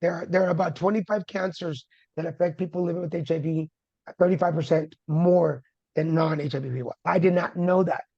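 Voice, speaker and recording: A man's voice: a little high, fairly even intonation, brisk, gravelly, mellow, no echo. A man sharing his cancer story as a guest, candid and humorous, with dramatic retellings. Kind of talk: personal storytelling. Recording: dull lo-fi dry sound.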